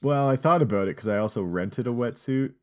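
A man's voice: mid-range voice, brisk, darkish tone. A man co-hosting a podcast, telling a rambling story in casual banter, with lots of fillers. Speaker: podcast co-host.

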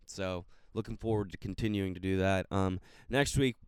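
A man's voice: normal speed, clear, resonant tone, no room sound. Ranting young male sports podcaster. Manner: ranting, swearing, rising to near-shouts when angry; calmer, lower-key recap talk. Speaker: podcast host. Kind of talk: solo sports podcast commentary.

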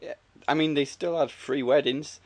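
A man's voice: a little high, steady tone, moderate pace, noisy background. A man co-hosting a casual wrestling chat, laid-back and dry, chuckling along. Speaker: podcast co-host.

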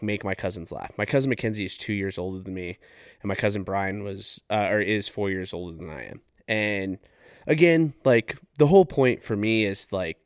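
Smooth and low-leaning, the voice belongs to a young man from Farmington, New Mexico, USA, captured in a dry, studio-quality recording. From his couch at home he hosts a podcast, casually spinning funny, rambling stories peppered with swearing and fillers.

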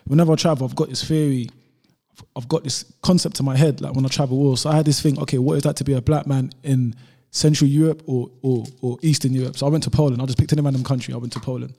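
A man's voice: mid-range voice, steady tone, quick pace, vocal fry, warm tone. A man from London, a YouTuber, telling a travel story in casual chat, laid-back and full of slang asides. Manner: laid-back, peppers talk with "bro" and "whatever".

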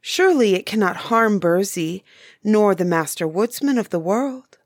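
A woman's voice: medium pitch, animated, measured pace, no room sound, clean studio sound. A woman voicing a bold, defiant young female nymph in a storybook reading. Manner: pleading, defiant.

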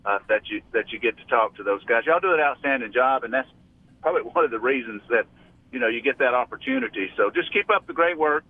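A Southern-accented man calls in to a sports radio show and talks at an ordinary middle pitch. His speech wanders and doubles back on itself, full of restarts. He comes through a thin, tinny phone line. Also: lively intonation, quick pace. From Alabama, US. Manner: rambling, chatty, many restarts. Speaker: radio caller. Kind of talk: casual phone call.

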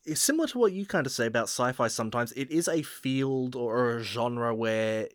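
A man co-hosting a podcast in casual chat, explaining things in a measured way with some hesitations. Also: medium pitch, animated, no echo, studio quality. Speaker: podcast co-host.

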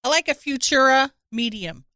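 A woman in a casual chat, relaxed, making dry remarks. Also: sits high, moderate pace, no room sound.

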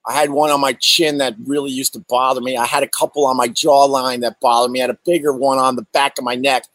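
A middle-aged man, a comedian, telling casual stories outdoors in an animated, profane way and answering viewer chat. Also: medium pitch, fast, no room sound, rough recording. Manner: animated, profane, acts out exaggerated quotes. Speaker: comedian host. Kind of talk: casual storytelling monologue. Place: outdoors in bright sun.

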